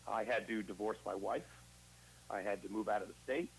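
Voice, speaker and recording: A man's voice: on the low side, a little fast, gravelly, a little hiss or hum, low-quality recording. A man as an interview guest, telling his recovery story in a candid, conversational way and acting out past conversations as quoted dialogue. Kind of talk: casual personal storytelling.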